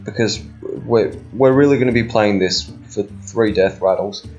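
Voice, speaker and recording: Slow-talking sarcastic male game commentator. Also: fairly low pitch, darkish tone, dull audio, faint music behind. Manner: sarcastic, profane, exasperated. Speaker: gameplay commentator.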